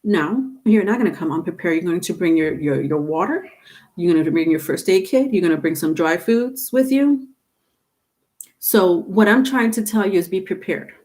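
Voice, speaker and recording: A woman's voice: fairly low pitch, expressive, moderate pace, darkish tone. A middle-aged woman talks casually through a tarot livestream from home. Her delivery is chatty and loose. She circles back over her points and laughs often. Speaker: tarot reader.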